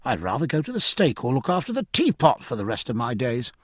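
Reading an audiobook, a man voices a spirited, outspoken young woman who is scornful, impassioned and sharp-tongued. His mid-range, husky voice swoops wildly in pitch at a fairly quick pace, and the studio sound is clean with no echo.

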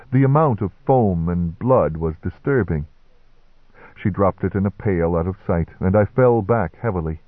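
A man narrating an audiobook in a measured, dry first-person delivery. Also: low voice, no echo. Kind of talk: audiobook reading. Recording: dry, tinny narrow-band recording.

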